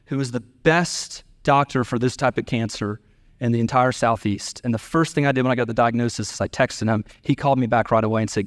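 Speaking fairly quickly, a middle-aged pastor preaches to his church, earnestly relating a family story and raising his pitch when quoting others. The studio-quality recording has no echo.

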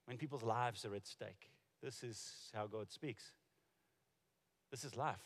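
Casting: middle-aged male pastor, mid-pitched, chatty storyteller, live church hall reverb. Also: takes it slowly. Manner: storytelling, conversational with restarts. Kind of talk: sermon.

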